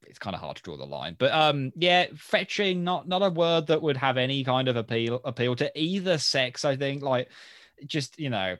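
A man's voice: medium pitch, very animated, moderate pace, fairly bright tone, dry recording. Male podcast co-host, wry rambler, dead dry sound. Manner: wry, rambling, many ums. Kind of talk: casual chat.

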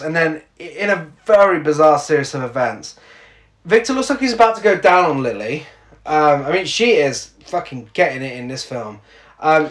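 A man co-hosting a casual chat show, recapping a film with lots of laughter and mocking asides. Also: on the high side. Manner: animated, laughs often, mocking quotes. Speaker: podcast co-host. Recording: echoey room.

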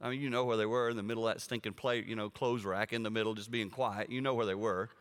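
Animated preacher in a reverberant hall. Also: male voice, on the low side, fast. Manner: animated storytelling, addresses the congregation directly. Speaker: guest speaker. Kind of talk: sermon. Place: church auditorium with an audience. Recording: long reverb of a large hall.

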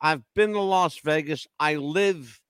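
A man co-hosting a casual roundtable chat, joking around and laughing loudly. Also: fairly high pitch, measured pace, clear, resonant tone, dry recording. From United States. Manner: animated, joking, loud laughs. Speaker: co-host.

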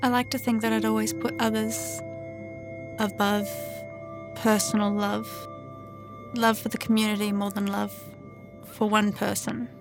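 A woman's voice: mid-range voice, flat delivery, measured pace, long pauses, music in the background, close to an everyday voice. A woman voicing a polite, careful young woman agent in a tabletop game. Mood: polite caution.

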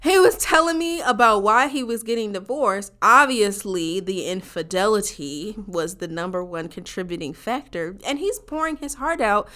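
Bright-voiced woman telling a wild story. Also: medium pitch, normal speed, hardly any pauses. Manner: animated, profane, emphatic, addresses viewers as y'all. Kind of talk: casual storytime monologue.

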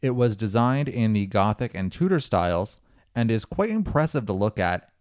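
A man's voice: lowish voice, expressive, moderate pace, darkish tone. A man co-hosting a podcast, telling a story in a chatty way with joking asides. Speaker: podcast co-host. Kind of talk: casual chat and storytelling.

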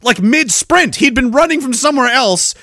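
A Canadian man in his forties, a podcast host telling wild stories in a profane, animated way, laughing often. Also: very high voice, normal speed, no room sound, clean studio sound. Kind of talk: casual storytelling.

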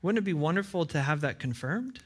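An earnest male pastor delivers a sermon in a church. His voice sits slightly high, and he repeats phrases for weight. Now and then he acts out a brief back-and-forth to make his point. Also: lively intonation, a little fast, husky. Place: church with side screens.

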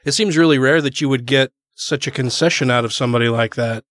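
A man's voice: medium pitch, quick pace, a bit bright, no room sound. A man hosting a casual chat, reacting to and summarizing his guest's point.

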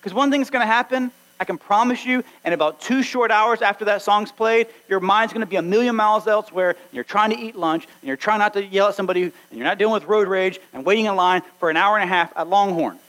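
Male pastor, high voice, earnest exhorting sermon delivery in a church. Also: fast talker, few pauses, a bit bright, rough recording. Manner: earnest, exhorting, acts out quoted dialogue.

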